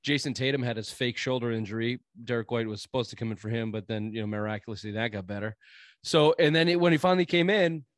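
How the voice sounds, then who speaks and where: A man's voice: medium pitch, fast, no room sound. A man with a New England accent, co-hosting a casual sports podcast and talking in a rambling, profane way with many fillers.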